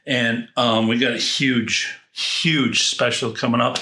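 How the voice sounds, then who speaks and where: A man's voice: mid-range voice, flat delivery, slow pace, sharp tone, echoey room. A man reviewing fragrances in a casual unboxing, rambling and thinking aloud with frequent restarts.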